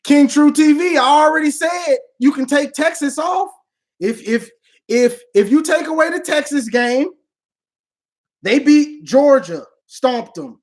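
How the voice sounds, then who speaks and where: A man's voice: very high-pitched, lively intonation, unhurried. A man answering fan questions in casual, slangy talk, trash-talking and laughing often. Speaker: online sports commentator. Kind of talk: casual live Q&A.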